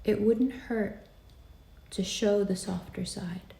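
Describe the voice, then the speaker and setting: A woman giving a tarot card reading in an intimate, reassuring way. She laughs easily and sometimes drops into soft whispers. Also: mid-range voice, fairly even intonation, slow, vocal fry. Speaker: tarot reader.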